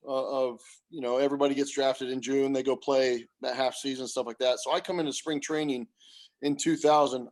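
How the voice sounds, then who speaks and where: A middle-aged man, a former pitcher, telling a story casually and acting out the coaches he quotes. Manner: animated, acts out quoted coaches. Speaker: former pro pitcher guest.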